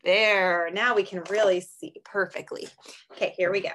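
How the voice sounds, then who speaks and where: A woman teacher reading a picture book aloud to young children, in a sing-song, expressive storybook voice with teaching asides. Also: fairly low pitch, moderate pace, a little hiss or hum.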